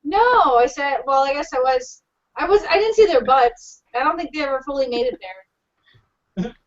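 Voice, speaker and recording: A woman co-hosting a casual podcast tells a crude story, animated and quick to laugh. Her voice sits high, and the recording sounds dull and lo-fi. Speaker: podcast co-host.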